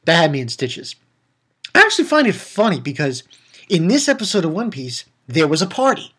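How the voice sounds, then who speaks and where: A man recaps a cartoon episode in a loose, rambling way, laughing and swearing as he goes. His pitch moves a lot, rising and dropping as he acts out lines. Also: huge pitch swings, fairly quick, sharp tone, breathy edge. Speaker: anime reviewer.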